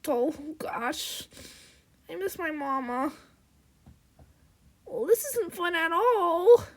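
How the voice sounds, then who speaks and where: A woman voicing a timid, childlike little clown creature that talks in a squeaky, whiny way. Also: sing-song, drawn-out words, heavily acted.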